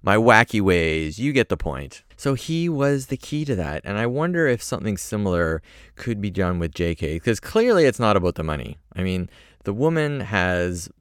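A man's voice: on the low side, very animated, normal speed, clear, resonant tone, dry recording, studio quality. A man hosting a podcast, chatting casually with jokes and loose profanity. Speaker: podcast host.

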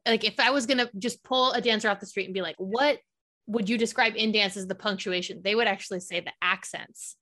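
Woman podcast host, bright and crisp tone, upbeat and encouraging. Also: mid-range voice, brisk. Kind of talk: casual podcast interview.

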